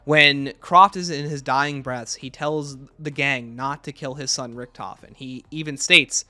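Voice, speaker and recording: A man's voice: medium pitch, steady tone, a little slow, hardly any pauses, sharp tone. A man giving an unscripted video game review in a casual, rambling way, often restarting his sentences.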